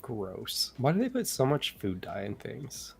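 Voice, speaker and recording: A man's voice: medium pitch, huge pitch swings, unhurried, vocal fry, faint music behind. A man co-hosting a casual livestream, chatting in a laid-back way with dry remarks. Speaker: co-host of an art livestream.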